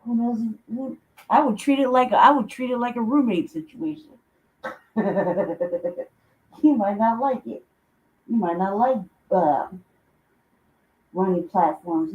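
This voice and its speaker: A woman's voice: medium pitch, lively intonation, a little slow, pauses often, a little mellow, breathy edge, poor audio. A woman hosting a casual livestream, talking bluntly with heavy swearing and bursts of laughter. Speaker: show host.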